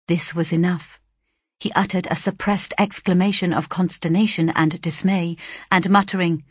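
Woman, audiobook narrator, first-person classic novel, measured, earnest, breathy, slow, dry close sound. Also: on the low side, no room sound.

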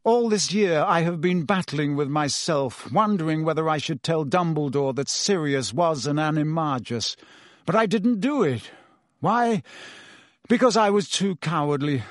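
A man's voice: on the high side, no echo, clean studio sound, natural voice. A man reading an audiobook, voicing a weary, guilt-ridden adult male teacher who speaks heavily and with self-reproach. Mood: remorseful. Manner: heavy, confessional, self-reproaching.

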